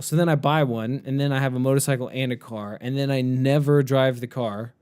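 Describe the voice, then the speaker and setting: A man's voice: medium pitch, steady tone, fairly quick, darkish tone, smooth. A man co-hosting a podcast in casual chat, laid-back, rambling and profane. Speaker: podcast co-host.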